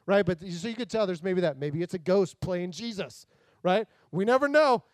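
A man's voice: sits high, a little fast, dry recording. A man preaching a casual, jokey sermon, acting out the characters in the stories. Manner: animated, jokey, acts out voices. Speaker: pastor.

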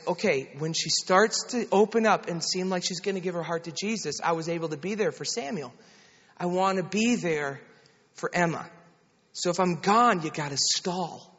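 Man preaching, high husky voice, animated storyteller, long hall reverb, dull muffled sound. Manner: animated storyteller, soft-spoken quoted lines, builds to shouting. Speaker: pastor. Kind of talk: sermon with storytelling.

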